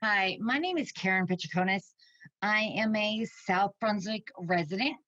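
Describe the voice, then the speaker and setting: A woman's voice: mid-range voice, normal speed, sharp tone, no echo, muffled recording. A woman in her forties, a parent and teacher, crying as she gives an emotional public comment at a meeting. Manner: tearful, pleading, shaky.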